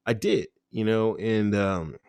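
A man's voice: on the low side, slow, vocal fry, a little mellow, clear, resonant tone, no room sound. A man talking casually as an interview guest, rambling with lots of fillers and easy laughs. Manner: laid-back, rambling, full of fillers and laughs.

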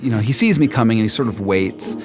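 A man telling his own story in the first person, halting and full of restarts and repeats. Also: lowish voice, animated, over music. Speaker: storyteller guest.

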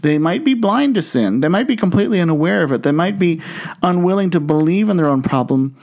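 A man preaching a sermon, reading scripture in a measured, deliberate way. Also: high voice, expressive, a little mellow. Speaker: pastor.

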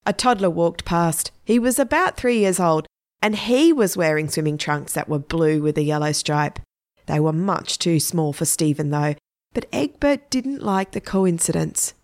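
A woman narrating a children's story in a plain, even manner. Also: fairly low pitch, measured pace, no echo, studio quality.

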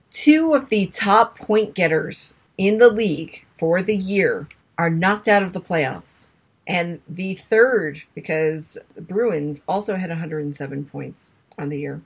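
A woman's voice: lowish voice, expressive, unhurried, husky. A woman co-hosting a casual sports podcast, chatty and self-deprecating, fussy about how names are pronounced. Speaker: podcast co-host.

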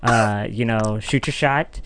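A podcast producer tells a story during a casual chat, animatedly acting out the voices in it. His voice is on the low side and his pace slow, with slight background noise.

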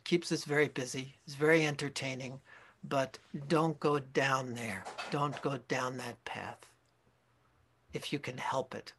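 A Zen teacher giving a dharma talk, speaking in a slow, reflective way with pauses and self-corrections. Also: male voice, mid-range voice, fairly even intonation, a bit bright, breathy edge.

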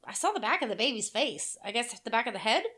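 A woman co-hosting a casual podcast chat, blunt and crude, cracking dark jokes and swearing freely. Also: a little high, lively intonation, quick pace. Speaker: podcast co-host.

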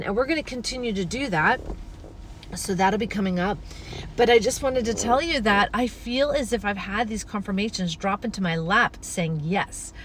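A woman hosting a spiritual podcast, talking in a gentle, flowing, earnest way with many soft asides. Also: medium pitch, a little hiss or hum. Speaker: podcast host.

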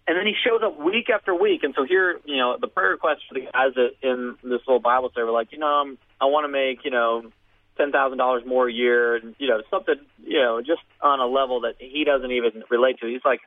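A man's voice: mid-range voice, brisk, no echo. Man telling a story over radio. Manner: animated, acts out quoted voices. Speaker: guest telling his story. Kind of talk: casual storytelling. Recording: phone-like radio audio.

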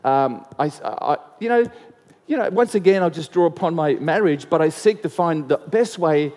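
A man's voice: on the high side, expressive, normal speed, darkish tone. A middle-aged male pastor preaching a conversational sermon, repeating phrases and acting out the voices he quotes. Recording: long hall reverb.

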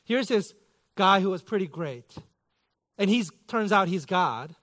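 Male pastor, thirties, high voice, sermon delivery with wry self-deprecating humor. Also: lively intonation, a little slow, fairly bright tone. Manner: self-deprecating storytelling with mock outrage.

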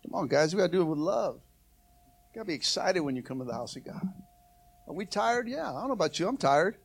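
A man preaching a sermon to his church as pastor, lively, with repeated calls of come on and hallelujah. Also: sits high, fairly quick, vocal fry, husky.

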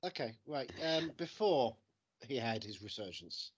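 A man's voice: medium pitch, sing-song, measured pace. A British man teasing his co-host through a casual movie quiz, tossing out actor names. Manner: playful, teasing, rattles off names.

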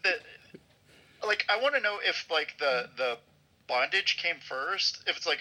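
A man in his forties, a podcast co-host telling an animated story in casual chat, laughing often. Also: on the high side, measured pace, poor audio. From Georgia, US.

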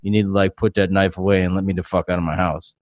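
A man quoting a firm woman who calmly lays down terms, in his own everyday voice. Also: low-pitched, fast, close to an everyday voice. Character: calm firm woman, stern warning.

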